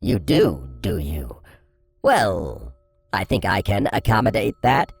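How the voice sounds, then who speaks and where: Male narrator doing a chatty silver robot for an audiobook, gravelly, husky, swings all over in pitch. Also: very animated, takes it slowly, dry recording, soft background music, heavily acted. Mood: playful. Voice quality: light digital voice. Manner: light-hearted, playful. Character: friendly sassy silver alien robot, male. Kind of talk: audiobook character voice.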